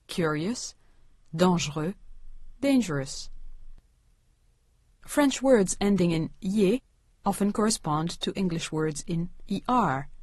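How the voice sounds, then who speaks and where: A woman giving scripted narration for a language course, with clear, measured enunciation that slows down for pronounced example words. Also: on the low side, darkish tone, no room sound.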